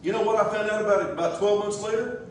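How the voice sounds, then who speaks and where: A man's voice: high-pitched, fairly even intonation, quick pace, a little mellow, slight background noise. Folksy man giving a stump speech. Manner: folksy, joking, rousing. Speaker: political candidate. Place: large church hall. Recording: echoey hall, distant mic.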